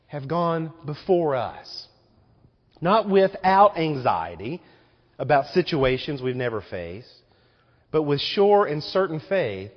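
Animated preaching man in a reverberant church. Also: on the high side. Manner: animated preaching with rhetorical questions. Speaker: pastor. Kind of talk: sermon. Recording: muffled recording with long hall reverb.

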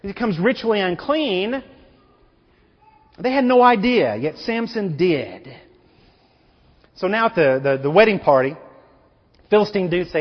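Male preacher, animated storytelling, high lively voice, dull lo-fi sound, long hall reverb. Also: measured pace, long pauses. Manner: animated storytelling, slangy paraphrase of scripture. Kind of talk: sermon.

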